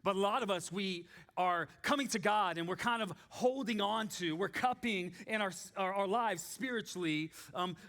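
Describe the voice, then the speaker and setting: A man, preaching a sermon in a church in a casual, animated storytelling way with many fillers. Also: sits high, moderate pace, hardly any pauses. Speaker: pastor.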